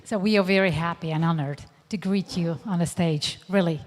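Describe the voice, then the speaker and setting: A woman's voice: on the low side, brisk, big-room sound. A woman with a Hungarian accent, whose first language is Hungarian, co-hosts a conference in a friendly but hesitant way. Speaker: event co-host. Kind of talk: on-stage hosting. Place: conference stage in a large hall.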